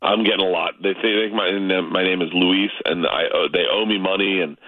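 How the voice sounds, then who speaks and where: A man in his forties, a comedian guest telling loose stories with big excited jumps in pitch on a radio interview. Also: fairly quick, no room sound. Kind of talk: casual radio interview by phone. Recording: muffled lo-fi line.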